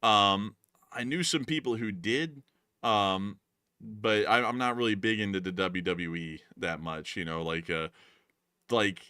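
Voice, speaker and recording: A man's voice: fairly low pitch, unhurried, sharp tone, clean tone, no room sound, studio quality. A man hosting a casual livestream news show, answering viewer questions in a rambling way full of fillers and restarts.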